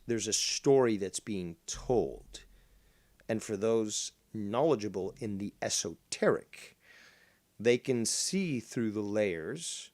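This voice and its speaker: Brief: middle-aged male host, lowish voice, flat droning monotone, blunt and profane, never shouts. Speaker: show host. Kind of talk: casual call-in show chat.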